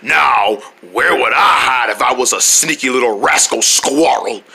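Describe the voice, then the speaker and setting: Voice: mid-range voice, measured pace, gravelly, pushed and bright. A performer voicing a chatty, rambling heroic squirrel who acts as a big brother in a hobby toy-play story. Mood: playful.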